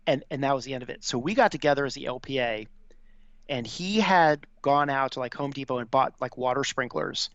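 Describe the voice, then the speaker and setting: A man's voice: mid-range voice, brisk, fairly bright tone, dry recording. A man in his fifties, a podcast guest and veteran, telling a casual, profane anecdote and acting out the people he quotes. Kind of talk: casual storytelling. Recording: dry, slightly dull audio.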